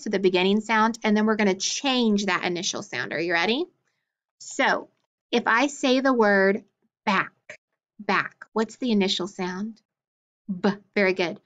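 A woman teaches a children's phonics lesson, pronouncing letters and sounds slowly and distinctly. She praises often, at a middle pitch. The recording sounds dull and lo-fi. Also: a bit bright. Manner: slow, clearly spelled-out letters and sounds, with frequent praise.

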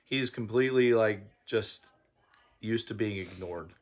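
A man's voice: lowish voice, unhurried. A man in casual conversation, supportively filling in details of the outreach stories and agreeing along. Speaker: co-host on a mission outreach.

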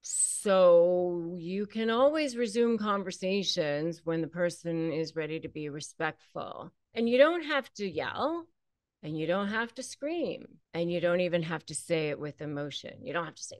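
A woman's voice: lowish voice, big pitch swings, unhurried, dry recording, clean studio sound. A woman attorney and channel host giving direct advice to camera, emphatic and repeating key phrases for stress.

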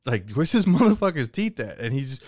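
A young adult man, a comedian, telling a rowdy story on a podcast in a casual, profane, animated way. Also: mid-range voice, brisk. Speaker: comedian guest.

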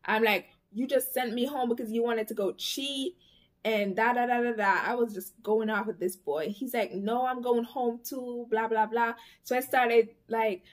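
A young woman, telling a storytime vlog in a casual, animated, slangy way, with a lot of cussing. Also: on the high side. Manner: animated, slangy, cussing, quotes people in quick bursts. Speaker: vlogger.

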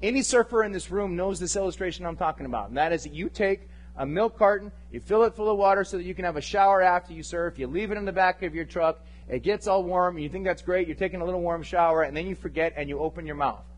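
A man preaching to his congregation, his voice sitting a little high for a man. He pushes hard on key lines, then drops to a near hush when he turns intimate. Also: fast, few pauses, poor audio. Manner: impassioned, swinging between loud and hushed. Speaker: pastor. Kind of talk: sermon. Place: church service.

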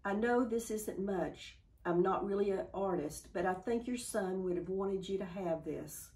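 A woman voicing a humble, grateful young male soldier in a story she is telling, speaking slowly and earnestly. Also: mid-range voice, mellow, lightly acted, rough recording.

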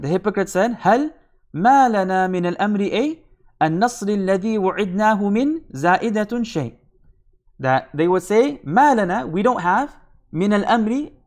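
A male scholar giving a verse-by-verse lesson, racing through the Arabic text at high speed. He slows down to explain each phrase in English, repeating key points and checking in with "right?". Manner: reads Arabic text quickly, then explains it slowly in English. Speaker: Islamic scholar teaching Quran commentary. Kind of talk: line-by-line scripture lesson.

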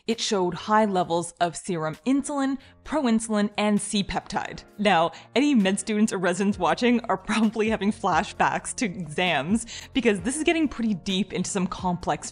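A woman's voice: medium pitch, animated, moderate pace, few pauses, soft background music. A woman in her thirties, a doctor and video host, talking in a friendly, explanatory way in a casual vlog. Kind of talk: casual vlog and voice-over narration.

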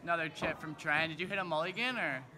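A man's voice: a little high, quick pace, music in the background. A young man from Canada vlogging casually on his phone outdoors, rambling and laid-back with plenty of slang. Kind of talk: casual vlog chat. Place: outdoors and in a car. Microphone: phone camera at arm's length.

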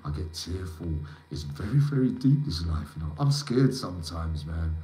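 A man's voice: deep voice, lively intonation, moderate pace, dark tone. A man hosting a livestream, rambling emotionally and calling out viewers by name in slangy casual talk. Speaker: livestream host. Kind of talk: rambling live chat with viewers. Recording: echoey room.

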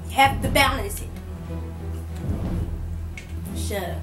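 A fairly high-voiced woman chats bluntly through a reaction video. Her voice bounces around a roomy space, and loud music plays behind her. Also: animated, quick pace. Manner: chatty, blunt running remarks over a clip. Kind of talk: casual reaction commentary.

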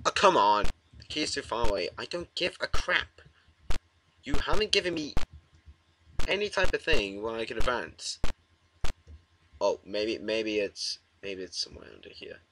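Jumpy man with a lively, swinging pitch. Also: moderate pace, pauses often, background noise. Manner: jumpy, swearing, talks back to the game. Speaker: gamer. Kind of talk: horror game commentary.

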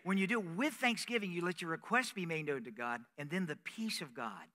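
A male preacher telling a story in a sermon. He is animated and acts out sounds with his voice. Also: high-pitched, fairly quick. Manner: animated, with vocal sound effects.

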